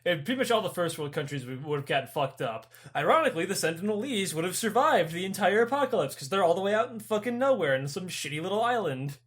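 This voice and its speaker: Young male podcast co-host, high voice, swears freely, acts out every character in his stories. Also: fast talker, few pauses, slightly rough. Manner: profane, animated storytelling with voiced characters. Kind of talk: casual chat.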